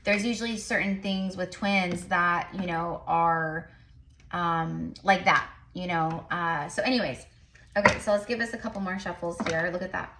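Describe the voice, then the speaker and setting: There's a little hiss or hum behind this tarot reader's fairly low, steady, slightly bright voice. She gives her viewers an easygoing reading full of fillers and restarts, saying she talks fast.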